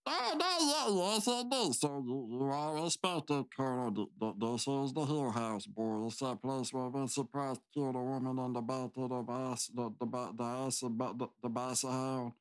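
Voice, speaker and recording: A woman's voice: a bass voice, moderate pace, hardly any pauses. A woman playing a bumbling male butler in an amateur comedic radio drama, stammering and tripping over her words. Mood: flustered.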